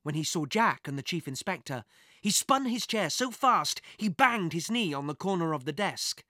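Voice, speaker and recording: Lively storybook narrator, bright and dry. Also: mid-range voice, moderate pace, no room sound. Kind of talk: scripted children's adventure narration.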